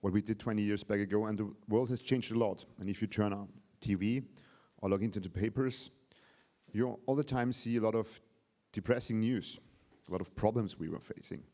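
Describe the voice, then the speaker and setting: Man in his 40s, Austrian German accent, low voice, direct and informal speech. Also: steady tone, fairly quick, warm tone. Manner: informal and direct, with fillers like "you know" and "yeah". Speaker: government state secretary giving a speech. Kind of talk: public speech.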